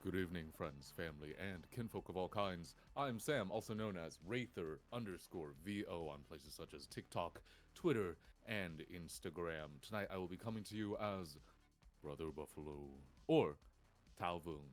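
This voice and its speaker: Deadpan man with a very low voice. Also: moderate pace, soft background music. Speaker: tabletop game player. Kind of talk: casual chat.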